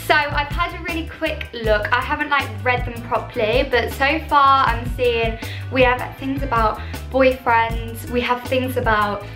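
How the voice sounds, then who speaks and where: A young British woman chatting in a bubbly, self-deprecating way as she reacts to viewer confessions on her vlog. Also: sits high. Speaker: YouTuber. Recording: echoey room with faint music.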